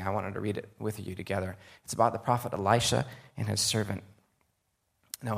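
A man delivers a sermon in a somewhat low, gravelly voice. He moves between reading scripture and talking directly to his listeners in an earnest, conversational way. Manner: earnest, conversational asides to the audience. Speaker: preacher.

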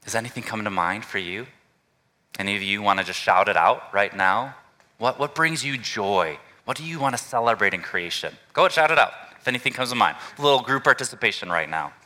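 A male pastor preaching a relaxed, conversational sermon and inviting the congregation to call out answers. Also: on the low side, fairly quick, big-room sound. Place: church sanctuary.

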